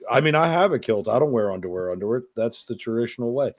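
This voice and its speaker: A man's voice: mid-range voice, animated, fast. A man from New York hosting a podcast, talking in a crude, rambling, profane way. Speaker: podcast host. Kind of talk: casual chat.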